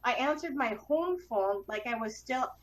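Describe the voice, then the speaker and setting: A woman's voice: on the high side, animated, moderate pace, poor audio. A woman hosting a casual podcast chat, giving short reactions and laughing often as she tells her own story. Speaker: podcast host.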